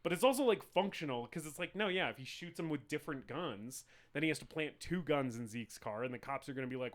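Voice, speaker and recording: A man's voice: fairly high pitch, expressive, fast, hardly any pauses. A young man from rural Arizona co-hosting a film podcast, rambling with lots of fillers, swearing, laughing and acting out movie lines. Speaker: podcast co-host. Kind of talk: casual film podcast chat.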